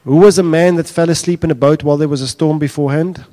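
Male pastor, lively sermon delivery that jumps loud on acted-out quotes. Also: a little high, fast. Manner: animated, acts out quotes with raised voice.

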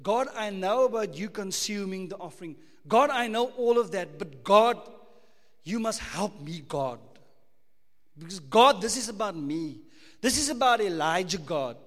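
A man's voice: high-pitched, expressive, a little slow. A man voicing a desperate, self-pitying male prophet who insistently pleads and demands to be heard, with long hall reverb. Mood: pleading. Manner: insistent, demanding, repeatedly calling out to God.

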